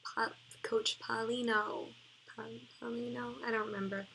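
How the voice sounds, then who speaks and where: A young woman chats casually in a vlog, giggling as she rambles through her old posts. Her voice sits a little high, and she fills her sentences with "like". A faint hiss runs under the recording. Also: level tone, a little slow, gravelly, pushed and bright, rough recording. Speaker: cosplay vlogger.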